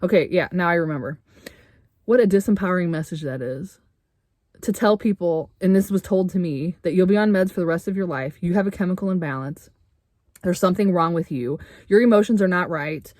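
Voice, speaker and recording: Fired-up woman ranting, low dry voice. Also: fairly quick, dry recording. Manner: heated, swearing, rising to loud outbursts; rhetorical questions, sarcastic. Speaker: vlogger. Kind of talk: angry personal rant to camera. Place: RV interior.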